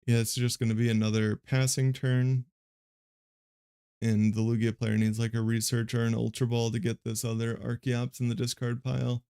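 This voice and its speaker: A young man streams a card game match, giving casual, rambling play-by-play full of fillers. His voice is medium-pitched, clear, and resonant, delivered flat and monotone at normal speed.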